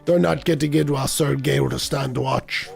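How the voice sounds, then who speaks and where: A man voicing a gruff male bear bouncer in a video game, with a put-on Russian accent and slow, broken speech. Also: medium pitch, steady tone, darkish tone, soft background music. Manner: slow, broken speech, speaks of himself by name.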